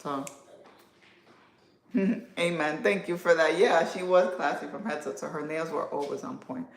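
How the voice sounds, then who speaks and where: A woman in her thirties hosting a casual livestream, chatting warmly and answering viewer comments. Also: sits low, fairly even intonation, unhurried. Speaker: livestream host. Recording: echoey room.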